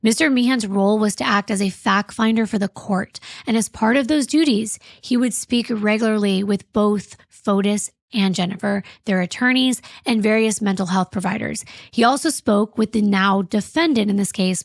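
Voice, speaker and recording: Woman, true crime podcast co-host, expressive and indignant, dry close recording. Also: on the high side, dry recording.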